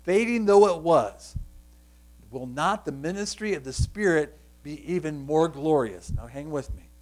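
A man's voice: on the high side, animated, measured pace, low-quality recording. A man preaching a sermon, leaning hard on key words and stretching them out. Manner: emphatic, stretches key words, drops to quiet prayer. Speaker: pastor.

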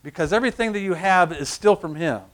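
A middle-aged man preaching with a slightly high voice. He tells his stories in an animated way and acts out the voices in them. His delivery climbs to loud, emphatic peaks. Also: quick pace. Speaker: pastor. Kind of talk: sermon.

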